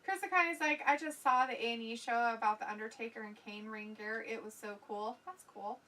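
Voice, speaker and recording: Bright-voiced woman reading chat aloud. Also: on the high side, brisk. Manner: reads viewer comments aloud, laughs often. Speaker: co-host of a wrestling watch-along stream. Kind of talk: casual live-stream chat. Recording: voice somewhat far from the mic.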